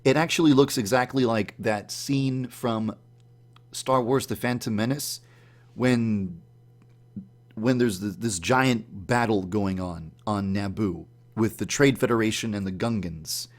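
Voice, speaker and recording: A man telling the story of a dream in a casual, animated way, acting out his own startled reactions in a higher voice. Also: unhurried. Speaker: YouTube channel host.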